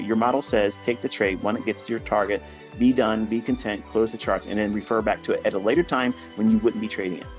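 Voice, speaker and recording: A man playing a trading mentor lectures his followers in a live audio room, blunt and profane. His voice drops low and quiet, then rises loud and high.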